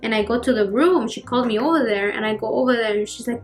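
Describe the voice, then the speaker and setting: A young woman recounts a story in a quick, chatty rush, piling on fillers and slipping into the voices of the people she quotes. Her voice sits a little high, and faint music plays underneath. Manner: rapid, filler-heavy retelling with acted quotes. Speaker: storytime vlogger. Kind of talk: casual storytelling. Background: faint background music.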